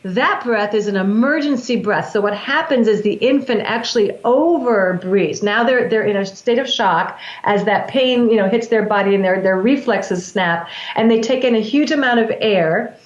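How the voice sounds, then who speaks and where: A woman guest on an interview show, a breath work practitioner, explains her practice earnestly, like a teacher, often restarting her sentences. Her voice sits in the mid range, moving at a moderate pace with few pauses. The recording sounds roomy, dull and lo-fi.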